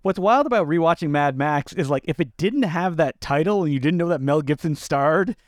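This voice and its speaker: A man co-hosting a podcast, chatting casually about films with wry, animated asides. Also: fairly high pitch, fairly quick, dry recording, clean studio sound. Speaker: podcast co-host. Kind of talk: casual film discussion.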